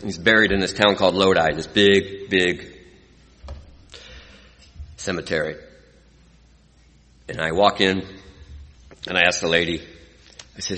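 A middle-aged man from California giving an earnest, emotional personal testimony to an audience as a recovery speaker. He swings from hushed to lively. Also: sits low, measured pace, pauses often. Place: hall with a live audience. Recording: long hall reverb.

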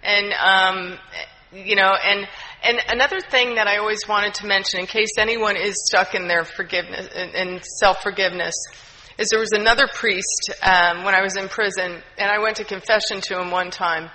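Woman, earnest testimony, heartfelt, bright voice, reverberant hall. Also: mid-range voice, steady tone, normal speed, slight background noise. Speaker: speaker sharing a recovery story. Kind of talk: personal testimony talk.

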